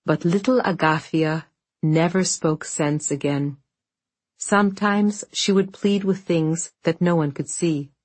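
Low husky woman reading a story. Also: dry recording. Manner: measured, steady storytelling. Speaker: narrator. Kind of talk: audiobook narration.

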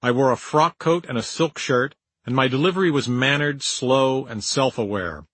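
An older man reading his own memoir aloud in a dry, wry, measured storytelling manner. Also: mid-range voice, a bit bright, husky, dry recording, poor audio. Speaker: memoir narrator. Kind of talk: audiobook memoir narration.

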